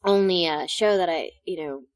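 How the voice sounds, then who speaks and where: A woman being interviewed about her stage acting, telling stories in an animated way and acting out the lines she quotes. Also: fairly low pitch, normal speed, dry recording. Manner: animated storytelling, acts out quotes. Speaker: stage actress, guest. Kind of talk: interview conversation.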